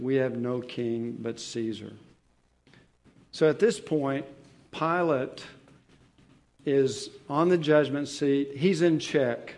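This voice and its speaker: A man preaching an expository sermon, slow and deliberate, pausing with fillers and restarting his phrases as he explains a Bible passage. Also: medium pitch, a little mellow.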